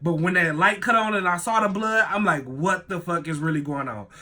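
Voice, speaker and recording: A man tells a story straight to camera. His voice sits high and sounds bright and sharp. He acts out every quoted line and swears freely. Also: a little fast. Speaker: vlogger telling a story.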